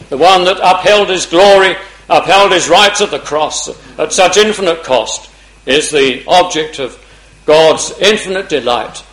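A man preaching a gospel sermon, fervent, swinging between loud declarations and hushed pleading, often clearing his throat. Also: on the high side. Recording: echoey hall.

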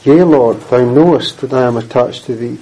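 A man reading scripture aloud and then preaching, in a measured, earnest way, often clearing his throat. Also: medium pitch, dark tone, poor audio.

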